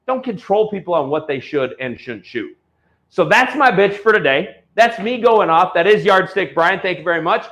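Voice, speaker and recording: Blunt high-voiced man ranting. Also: normal speed. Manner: blunt, animated, swears freely. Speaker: host of an online auction show. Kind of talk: ranting casual talk to viewers.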